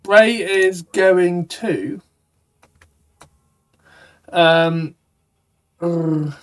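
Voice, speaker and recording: A man playing a tabletop game, thinking aloud deliberately with pauses. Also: high-pitched. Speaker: player. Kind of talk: casual tabletop game play.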